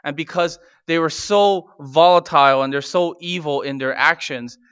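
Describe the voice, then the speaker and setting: A man preaching a sermon in a conversational way, with frequent fillers and restarts, and slowing down to stress key words. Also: a little high, a bit bright, smooth, no room sound, dull audio. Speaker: pastor.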